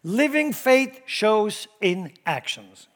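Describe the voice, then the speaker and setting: A man preaching a sermon to his congregation, swinging between loud emphatic declarations and low asides, often repeating words and asking the room questions. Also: sing-song, takes it slowly. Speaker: pastor. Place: church.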